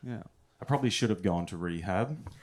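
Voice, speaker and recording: A man's voice: on the low side, expressive, a little fast. A young man telling stories in a stand-up set at a comedy club, often chuckling at his own punchlines.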